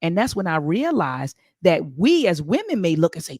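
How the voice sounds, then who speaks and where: A middle-aged woman co-hosting a casual talk show, telling stories with quoted dialogue in an animated way. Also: fairly low pitch, moderate pace, slightly rough, dry recording, studio quality. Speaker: co-host.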